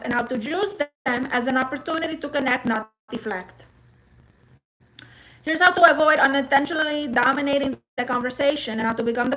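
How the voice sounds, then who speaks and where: A blunt, toxic diva, played by a woman on a comedy livestream. Her voice sits high and cuts bright, and every remark drips with scorn. She peppers her English with Spanish words. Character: brash toxic woman, blunt, dismissive, self-assured. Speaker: livestream comedy host reading chat and a self-help book. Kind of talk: live-streamed character comedy.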